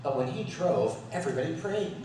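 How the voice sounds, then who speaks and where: A man voicing a calm attending angel who answers in a patient, dry way in a spoken joke, heard from far off in an echoey hall. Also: on the high side, fairly quick, background noise, pitched above the performer's own voice, natural voice.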